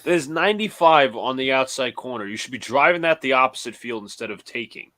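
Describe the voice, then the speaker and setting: A man's voice: medium pitch, lively intonation, a little fast, bright, forceful tone. A man co-hosting a live game watch-along who talks bluntly and swears in frustration. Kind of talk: casual fan chat.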